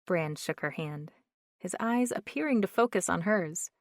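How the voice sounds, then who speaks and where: Slow, low-voiced woman narrator. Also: lively intonation, no echo, clean studio sound. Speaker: audiobook narrator. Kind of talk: audiobook narration.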